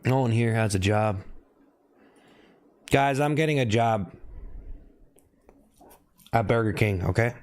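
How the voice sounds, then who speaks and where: A man's voice: medium pitch, slow pace, long pauses. Man teasing his chat on a livestream. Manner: teasing, repeats himself, calls out chat names. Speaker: livestream host. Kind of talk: casual livestream chat with viewers.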